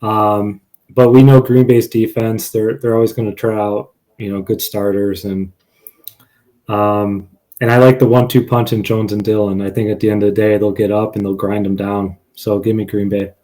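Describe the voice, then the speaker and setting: A man's voice: lowish voice, flat delivery, normal speed, mellow. A man co-hosting a sports betting podcast, confidently running through stats and his picks with wry asides. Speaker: podcast co-host. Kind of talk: casual sports betting chat.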